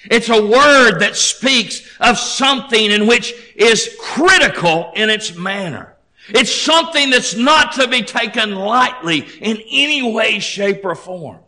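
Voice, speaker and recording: A male preacher delivering a sermon at a slow, deliberate pace. His voice sits high and sounds sharply bright and forceful. He climbs to near-shouts on key words, then drops low and quiet to close a thought. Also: lively intonation. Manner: emphatic, rising to near-shouts and dropping low.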